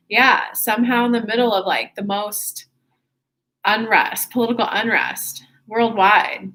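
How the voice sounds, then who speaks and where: A woman's voice: medium pitch, unhurried, sharp tone. A woman hosting a casual spiritual livestream, chatty and upbeat, talking to viewers from her computer. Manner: chatty, upbeat, with laughs and self-corrections.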